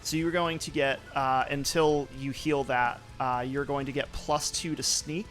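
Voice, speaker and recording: Casting: easygoing young game master, rambling with ums and likes, mid pitch, faint music behind. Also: male voice, steady tone, a little slow, fairly bright tone. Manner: loose, lots of um and like fillers. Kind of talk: narrating a tabletop game.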